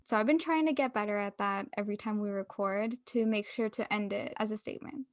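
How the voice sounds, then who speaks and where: A woman's voice: medium pitch, a little fast, no room sound, studio quality. A young adult woman co-hosting a casual podcast chat, explaining tips in an upbeat way and laughing often. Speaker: podcast co-host.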